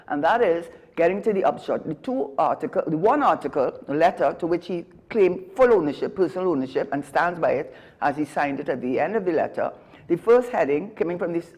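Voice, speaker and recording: A talk show guest with a Trinidadian accent delivers emphatic, argumentative political commentary, often correcting herself mid-sentence. Her voice sits low and has a slightly mellow quality.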